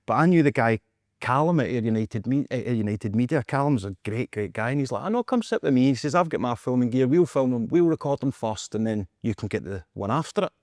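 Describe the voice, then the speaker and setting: A Scottish man, a podcast co-host, telling a story in casual chat, animated and acting out quotes with frequent laughs. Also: mid-range voice, fairly quick, no room sound, studio quality. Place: podcast studio.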